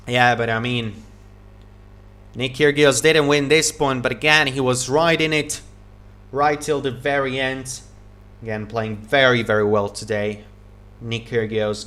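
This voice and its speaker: A man giving live play-by-play tennis commentary, calling each shot quickly and getting excited at big points. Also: mid-range voice. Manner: excited, calls shots rapidly, repeats praise.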